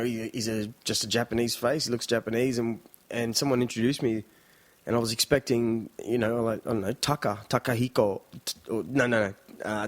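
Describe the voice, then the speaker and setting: Rambling Australian man chatting. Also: medium pitch. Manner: chatty, rambling, full of fillers and impressions. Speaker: vlogger. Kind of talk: casual rambling chat.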